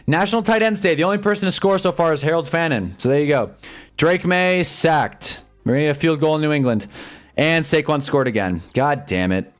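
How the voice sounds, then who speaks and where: A young man commentating live on football games for his stream, ranting at the refs and reacting fast to each play. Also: fairly high pitch. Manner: frustrated, ranting, quick reactions. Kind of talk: live sports watch-along commentary.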